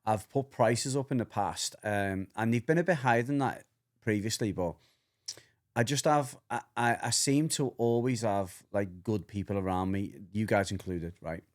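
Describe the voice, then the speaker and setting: A middle-aged man chats loosely on a podcast. His voice sits a little low. He rambles, stumbles over his words and laughs easily. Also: moderate pace. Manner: rambling, animated, repeats words, laughs often. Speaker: podcast co-host, dog trainer. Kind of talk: casual chat.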